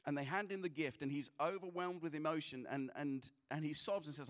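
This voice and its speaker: A man preaching a sermon as a pastor, earnest, often repeating his words, moving between passionate exhortation and quiet prayer. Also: fairly high pitch, steady tone, a little fast.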